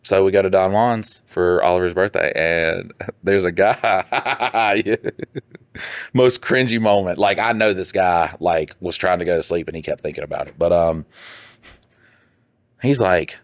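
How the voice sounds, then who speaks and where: A lower-pitched man tells animated stories on a podcast, acting out the people in them and laughing along the way. The sound is close and dry, with no room behind him. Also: a little slow, no room sound. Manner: animated storytelling with quoted voices and laughs. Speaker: podcast co-host. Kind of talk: casual chat.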